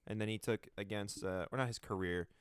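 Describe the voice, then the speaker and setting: Low-voiced, laid-back podcast co-host. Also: male voice, fairly even intonation, brisk, clear, resonant tone, no room sound, studio quality. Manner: laid-back, hedging opinions. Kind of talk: casual chat.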